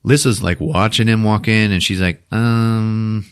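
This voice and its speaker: A man hosting a podcast, recapping a movie with lots of swearing and laughter, jumping into loud shouted character voices. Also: fairly low pitch, normal speed. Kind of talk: animated comedic movie recap.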